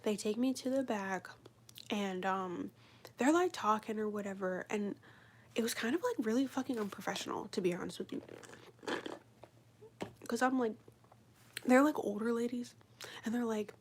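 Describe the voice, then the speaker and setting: A woman chatting casually on a live stream, telling a rambling, profane story full of "like" and sometimes dropping to a hushed whisper. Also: fairly high pitch, normal speed, pauses often. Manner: drops into a hushed whisper at times.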